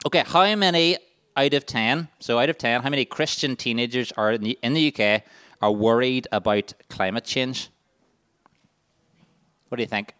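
A man hosts a lively quiz with a group of teenagers, reading out the options one by one. His voice is clean and resonant, recorded close with a dry sound. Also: medium pitch, normal speed, clean tone, dry recording. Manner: upbeat quizmaster, reading out multiple-choice answers. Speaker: workshop leader. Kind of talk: interactive quiz with a youth group.

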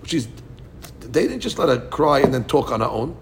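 A man teaching a lively Talmud class, quick and animated, acting out the story's voices. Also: mid-range voice.

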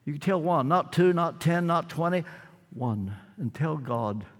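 An older man preaching a sermon, earnest and dramatic, with repetition and long pauses. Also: a little high, lively intonation. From United States. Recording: long hall reverb.

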